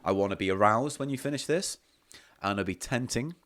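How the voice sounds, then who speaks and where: A man hosting a comedy podcast, chatting in an animated, teasing way. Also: on the low side, a little fast. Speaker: podcast host. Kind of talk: casual comic chat.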